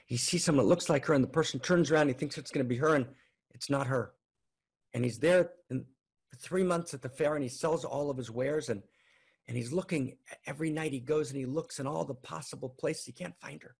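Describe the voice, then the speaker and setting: A man telling a folk tale aloud in an animated way, often checking in with listeners. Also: on the high side, brisk, vocal fry, husky. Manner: animated, frequent "right?" tags. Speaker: storyteller.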